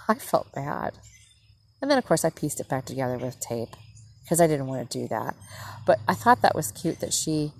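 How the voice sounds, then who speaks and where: Speaking at a moderate pace in a low, creaky voice, a mother who hosts a podcast and comes from the northern United States rambles casually through a story. She keeps correcting herself in an animated retelling, with a bit of hiss or hum audible.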